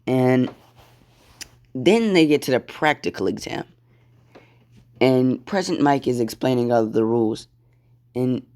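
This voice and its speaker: A man's voice: medium pitch, darkish tone. A man casually narrating an improvised fan story, swearing often and acting out the lines. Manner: casual, swears a lot, acts out quotes.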